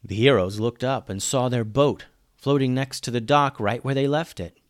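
A man reads a children's pirate adventure aloud at normal speed, keeping it lively and lowering his voice on the speech tags.

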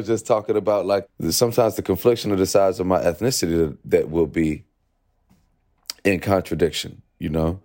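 A young man, a musician, talking in a relaxed, reflective way during an interview, thinking aloud with plenty of fillers. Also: deep voice, normal speed. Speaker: musician guest. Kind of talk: casual interview talk.

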